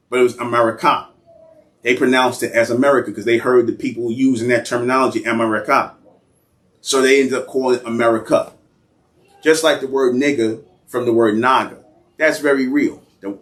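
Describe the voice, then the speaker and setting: Guy hosting his own show, preachy monologue to camera, keeps repeating himself, medium voice. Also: mid-range voice. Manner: emphatic, lecturing, repeats phrases. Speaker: radio show host.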